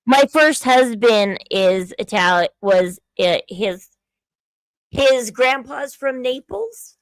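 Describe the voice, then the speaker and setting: Middle-aged woman streamer, high pitch, rambling casual talker, dry close sound. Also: expressive, slow pace, smooth, dry recording. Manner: rambling, many fillers and restarts. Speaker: streamer host. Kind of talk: casual livestream chat.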